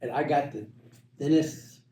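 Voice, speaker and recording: A man co-hosting a casual podcast, talking in an animated way, laughing and saying bro a lot. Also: medium pitch, measured pace, echoey room, recorded from a distance, a crowd in the background. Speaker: podcast co-host.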